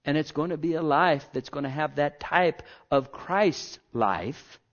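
A man's voice: fairly high pitch, a little slow. Emphatic preacher man, muffled lo-fi sound. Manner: emphatic, swings between loud declarations and hushed asides, rhetorical questions. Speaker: pastor. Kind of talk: sermon. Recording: dull lo-fi recording.

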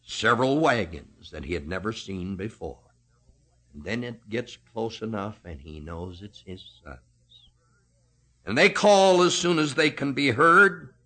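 A man preaching a sermon, slow and emphatic, rising and falling sharply in pitch and loudness. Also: big pitch swings.

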